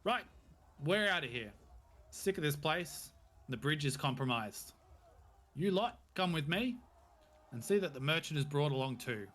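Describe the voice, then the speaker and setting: A man's voice: a little high, animated, slow pace, gravelly, pauses often, mellow, husky, voice pushed up, full character voice. Man doing a huffy pompous army captain. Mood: commanding. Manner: pompous, clipped orders. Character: huffy self-important human male army captain.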